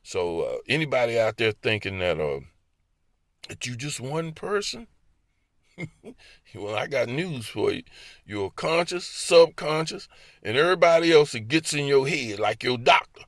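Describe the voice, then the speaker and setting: A man's voice: medium pitch, sing-song, unhurried, fairly bright tone, no echo, studio quality. A man with a Baltimore accent telling casual personal stories to the listener, laughing often as he acts out the voices in his head. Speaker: speaker sharing personal stories. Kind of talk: casual storytelling monologue.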